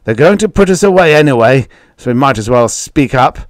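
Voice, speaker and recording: A man's voice: mid-range voice, animated, a little fast, no echo, studio quality, pitched above the performer's own voice, close to an everyday voice. A man reading an audiobook voices a blunt middle-aged male farmer who is a little drunk and speaks defiantly. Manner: loud, defiant, slurring.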